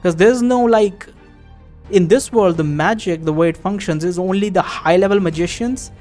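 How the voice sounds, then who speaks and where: A man's voice: sits high, moderate pace, a little mellow, faint music behind. A man playing a text adventure, reading its passages aloud and chatting casually between them, swearing offhandedly as he thinks aloud. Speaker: game streamer. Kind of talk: let's-play commentary, reading game text aloud.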